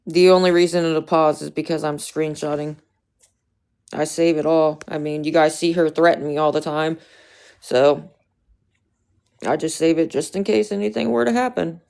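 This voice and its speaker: A young woman on a livestream, casually venting to her chat in a fairly low voice. She swears freely and talks loosely and off the cuff. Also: steady tone, normal speed, vocal fry, long pauses, darkish tone.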